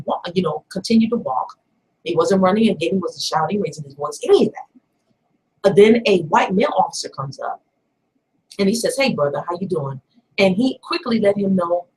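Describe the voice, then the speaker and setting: A woman's voice: medium pitch, low-quality recording. Woman hosting a call-in radio show. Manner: conversational storytelling with frequent hesitations; pointed, emphatic asides. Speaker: radio talk show host.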